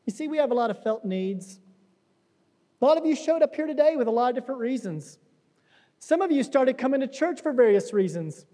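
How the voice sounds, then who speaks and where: Male pastor, chatty sermon delivery with acted-out asides, warm dark tone, echoing sanctuary. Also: very high-pitched, animated, brisk. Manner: conversational preaching with acted-out quotes. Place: church sanctuary.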